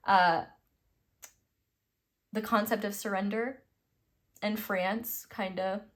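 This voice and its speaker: A woman's voice: medium pitch, fairly even intonation, takes it slowly. A young woman from the United States giving a casual, rambling tarot reading, full of fillers and little laughs. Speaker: tarot reader.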